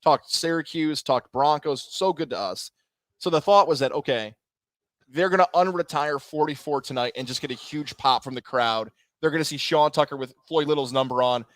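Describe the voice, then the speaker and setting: A man co-hosting a sports radio show, telling stories in a casual, animated way and acting out quotes. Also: fairly high pitch, moderate pace, no echo. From Central New York. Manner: animated storytelling, acts out quotes.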